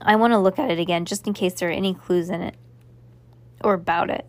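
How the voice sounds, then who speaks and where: A woman's voice: on the low side, steady tone, quick pace, lightly acted. A woman reading aloud, voicing a worried, secretive young girl in an earnest tone in a storybook.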